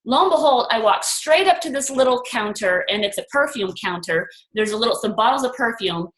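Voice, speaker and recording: An older woman leading a group video call, telling a personal story and acting out her own inner voices with lively swings. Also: fairly high pitch, fairly quick, roomy sound, rough recording. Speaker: group leader.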